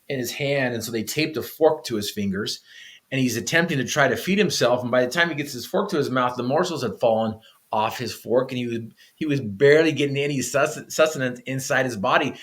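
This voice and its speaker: A man's voice: medium pitch, fairly bright tone. A man, a podcast guest, earnestly telling a personal story with frequent restarts.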